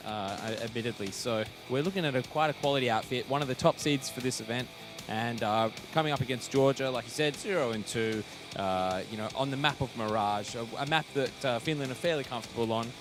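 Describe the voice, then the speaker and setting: A young man breaks down a match as co-commentator, his voice mid-pitched and easygoing. He talks in a chatty, analytical way, full of fillers, and ribs his partner between points. Faint music plays under the broadcast. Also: fairly quick, few pauses. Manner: chatty analytical, heavy fillers, teasing banter. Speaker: esports co-commentator. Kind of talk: casual esports commentary.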